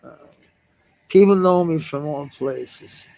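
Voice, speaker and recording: A man rambling in a halting live-stream monologue, repeating words, trailing off and swearing. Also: fairly high pitch, creaky, dark tone, highs cut off. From Denmark.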